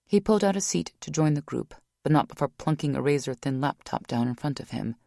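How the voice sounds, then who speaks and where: A man narrating an audiobook thriller in a measured, even reading. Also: a little high, vocal fry, no echo, studio quality.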